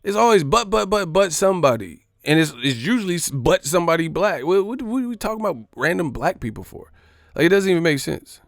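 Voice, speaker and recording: A man's voice: high-pitched, very animated, a little fast, dry recording, studio quality. A man hosting a boxing live stream, ranting in a profane, mocking, repetitive way.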